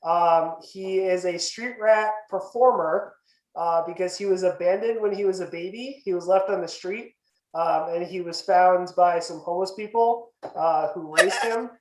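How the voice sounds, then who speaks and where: A man's voice: high voice, unhurried, darkish tone, echoey room, low-quality recording. A man describing his tabletop game character in casual chat, hesitant with many fillers. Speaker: player.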